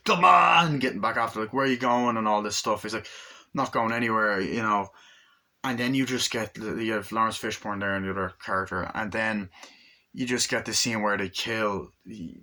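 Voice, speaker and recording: A man casually recapping a movie scene by scene, rambling, swearing and acting out the quotes in a loud burst. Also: lowish voice. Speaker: movie reviewer.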